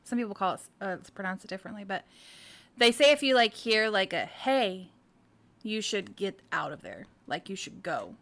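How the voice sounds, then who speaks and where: A woman's voice: medium pitch, expressive, moderate pace, vocal fry, fairly bright tone. A woman on a podcast chatting casually, hesitant and full of "like" fillers. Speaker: podcast co-host. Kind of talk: casual chat.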